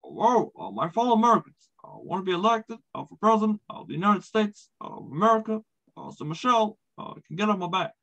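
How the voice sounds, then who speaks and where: A man putting on a measured male statesman addressing the nation, with halting, hesitant delivery. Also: high-pitched, sing-song, gravelly, a bit bright, dull audio, pitched above the performer's own voice, heavily acted. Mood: mock-solemn.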